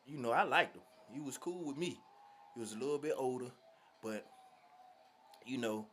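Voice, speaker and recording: Man from Virginia, casual storyteller, slangy and animated, mid pitch, faint room hum. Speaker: vlogger.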